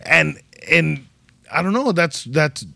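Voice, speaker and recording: A comedian guest, telling stories in a slangy, profane, animated way on a podcast. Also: male voice, on the high side, slow, vocal fry, no echo. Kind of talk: casual podcast chat.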